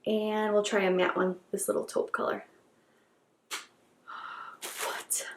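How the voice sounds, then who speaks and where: A woman's voice: medium pitch, slow pace. Gushing woman beauty vlogger, echoey room. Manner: gushing, gasping, repeats herself excitedly. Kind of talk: excited unboxing chat.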